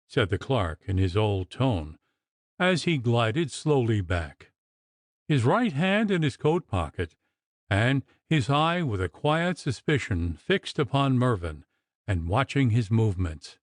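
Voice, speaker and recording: A man narrating a gothic audiobook in a measured storytelling manner. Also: mid-range voice, sing-song, no echo, clean studio sound.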